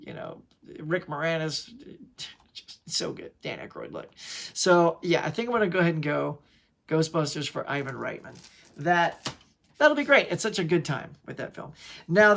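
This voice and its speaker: A man's voice: fairly high pitch, gravelly, fairly bright tone. A man chatting casually to camera in an enthusiastic, rambling way, often restarting his sentences. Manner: enthusiastic, rambling, self-interrupting. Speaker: movie collector vlogger.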